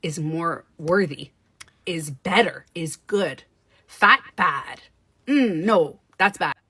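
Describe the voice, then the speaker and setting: A woman's voice: fairly low pitch, animated, slow pace, bright, forceful tone, breathy edge, no room sound. A woman co-hosting a podcast, talking emphatically and profanely in casual chat. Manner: emphatic, profane, acts out quoted people. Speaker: podcast co-host.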